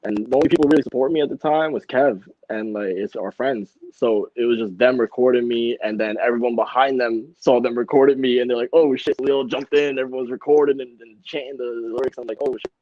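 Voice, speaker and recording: A man's voice: mid-range voice, fairly even intonation, a little fast, hardly any pauses, darkish tone, no echo, dull audio. A man talking as a rapper guest on a casual podcast, laid-back and slangy, laughing often. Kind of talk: casual chat.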